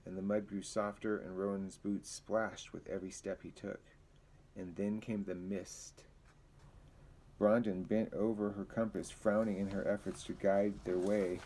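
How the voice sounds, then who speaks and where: A man reads a novel aloud in a plain, conversational manner. His voice is low. He now and then trips over a word and adds a casual comment. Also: darkish tone, rough recording. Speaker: reader.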